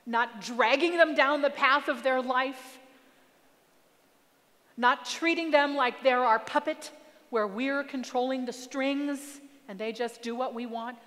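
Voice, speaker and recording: A woman in her forties giving a storytelling talk as a guest speaker, animated and acting out family dialogue. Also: high-pitched, takes it slowly. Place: large hall. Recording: reverberant hall.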